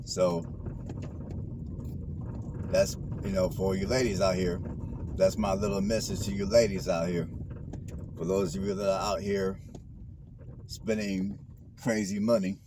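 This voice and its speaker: A man's voice: low voice, fairly even intonation, a little slow, long pauses. A man vlogging from his car, giving preachy advice in casual slang and repeating his points. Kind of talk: casual talk while driving. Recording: car noise behind.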